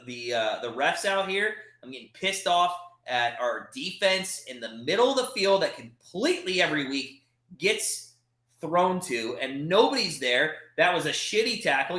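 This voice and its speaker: Animated man calling a game live. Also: fairly high pitch, roomy sound. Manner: frustrated, animated, swings from calm play calls to exasperated outbursts. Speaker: watch party host. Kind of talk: live play-by-play fan commentary.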